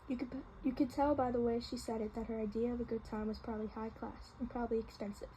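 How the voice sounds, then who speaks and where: A woman's voice: fairly high pitch, steady tone, fast, few pauses, dark tone, slight background noise, poor audio. A woman reading a novel aloud in a casual way, with small slips and restarts. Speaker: reader.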